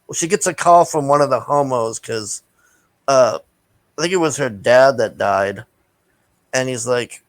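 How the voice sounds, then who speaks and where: A man's voice: mid-range voice, measured pace, pauses often, no echo, low-quality recording. A man giving a casual, rambling movie review, blunt and profane, with lots of fillers and restarts. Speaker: vlogger reviewing a film.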